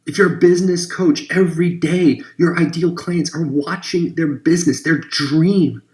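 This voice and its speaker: A man giving a persuasive webinar pitch to coaches, emphatic and sarcastic as he builds long lists. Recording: echoey room.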